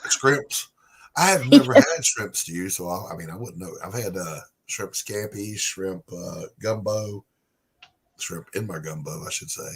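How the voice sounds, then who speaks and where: A man hosting a casual live chat, talkative and quick to laugh. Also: low voice, expressive. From Southern United States. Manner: chatty, laughs easily. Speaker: livestream host.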